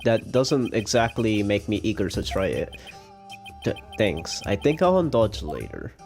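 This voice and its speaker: A man voicing a calm adult male lawyer on a trip abroad, reading his lines in a dry, measured way. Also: fairly low pitch, faint music behind. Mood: wry.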